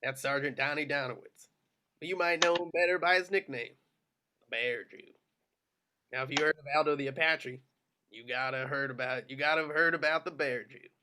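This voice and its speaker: A man's voice: mid-range voice, fairly quick, sharp tone, a little hiss or hum. A man reading a hard-nosed officer's lines in an amateur script reading, drawling and menacing. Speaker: reader of Aldo.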